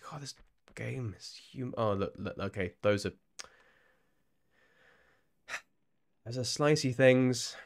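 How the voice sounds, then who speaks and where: A man's voice: medium pitch, slow pace, creaky, long pauses. A young English man chatting casually while streaming a game live, rambling, restarting his phrases and laughing often. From England.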